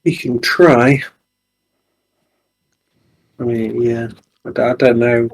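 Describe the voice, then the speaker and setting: A man at a tabletop game, talking slowly as he counts squares and explains which button to click. His voice is gravelly and husky. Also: medium pitch, little pitch movement, poor audio. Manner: slow, counting squares aloud, unhurried. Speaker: player helping with the game software.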